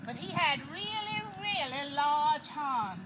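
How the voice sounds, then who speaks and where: A woman's voice: high voice, lively intonation, slow pace. A woman playing a folksy, proud freed slave woman who talks straight to her listeners, performing outdoors near a road. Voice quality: folksy dialect, chuckling, addresses listeners directly. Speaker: living history performer. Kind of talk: first-person historical character monologue. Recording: noisy outdoor recording with passing traffic.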